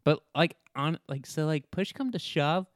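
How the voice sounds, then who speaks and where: Male podcast co-host, relaxed and keen, casual chat, smooth clear voice, dry close recording. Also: fairly high pitch, normal speed, no room sound. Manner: enthusiastic, easygoing. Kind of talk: casual film discussion.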